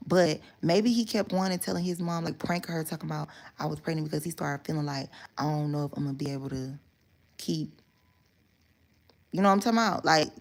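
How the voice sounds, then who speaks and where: A woman with a low voice and a gravelly edge rambles through a personal story for her viewers. She talks candidly and swears freely, circling back and correcting herself as she goes. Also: fairly quick. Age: adult. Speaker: vlogger telling a story. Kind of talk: casual story time monologue.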